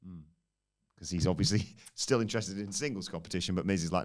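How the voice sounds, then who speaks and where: A man with a low, smooth voice rambles through a wrestling recap on a podcast. He keeps it casual and jokey, and drops self-deprecating asides as he goes. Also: steady tone, normal speed.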